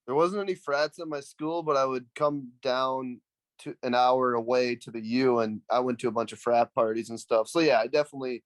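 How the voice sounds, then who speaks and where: A man's voice: medium pitch, steady tone, brisk, dry recording. A young adult man, a podcast guest, telling a story casually in a rambling way with many fillers.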